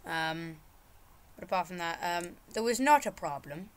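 A woman from Britain with a British accent, casually commenting while playing a video game, excitable and yelping at every mishap, with joking mock-dramatic asides. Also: fairly low pitch, moderate pace. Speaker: gaming channel host. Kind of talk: casual let's-play commentary.

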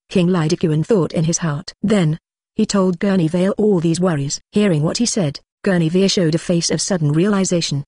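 A synthetic narrator voice with a flat, mechanical delivery that even reads out punctuation marks. It sits at a middle pitch and sounds close and dry, with no room sound. This is a web-novel audiobook reading. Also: brisk, dry recording.

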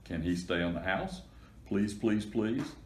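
A man's voice: deep voice, moderate pace, darkish tone, far from the mic, slight background noise, close to an everyday voice. A man voicing an eager, earnest young boy in a plain storybook reading. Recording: echoey room.

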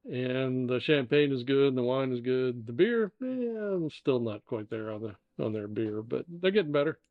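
An older man from the United States chats on a podcast, wandering through travel stories with plenty of "you know" and "uh". His voice sits at a middle pitch. The recording is dry and a little dull. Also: expressive, normal speed, dry recording. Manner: easygoing storyteller with fillers. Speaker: co-host, the father. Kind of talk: casual podcast chat. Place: indoor dining room.

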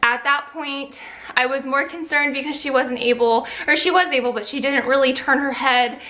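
A woman's voice: sits high, fairly even intonation, normal speed, sharp tone. A young woman and first-time mom chatting casually to her vlog audience, full of fillers, at times emotional. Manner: chatty, lots of fillers, gets emotional and teary. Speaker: vlogger.

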